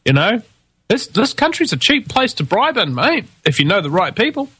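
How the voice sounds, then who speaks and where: Kiwi man, ranting commentator, sharp forceful tone, dry close sound, mocking and scornful. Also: big pitch swings, moderate pace, husky, no echo. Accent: New Zealand. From New Zealand. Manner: scornful, mocking, swings from low mutter to high shouts. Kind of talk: ranting monologue.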